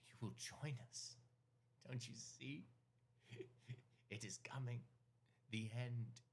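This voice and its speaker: A man voicing a menacing cultist villain in a tabletop game, speaking in a hushed, gloating way. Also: medium pitch, takes it slowly, vocal fry, a little hiss or hum, pitched above the performer's own voice.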